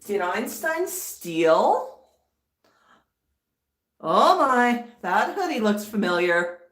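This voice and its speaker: Woman, pet vlog host, cooing baby talk, slow pace, echoey distant sound. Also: mid-range voice, big pitch swings, fairly bright tone. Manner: cooing, sing-song baby talk to a bird. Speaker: parrot owner and channel host. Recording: roomy, distant mic, faint music.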